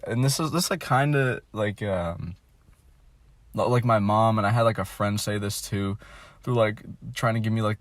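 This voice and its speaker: A young man in his twenties vents into his phone in a low, deflated voice. He rambles and swears, with "like" and "you know" in every breath. The sound is dry and close, with no room echo. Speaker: vlogger. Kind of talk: casual venting monologue.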